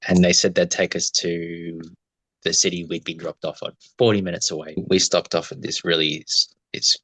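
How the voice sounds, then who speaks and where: A man's voice: deep voice, level tone, normal speed, sharp tone, husky, no echo, low-quality recording. A man co-hosting a podcast, telling rambling, reflective travel stories in casual chat with some swearing. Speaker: podcast co-host.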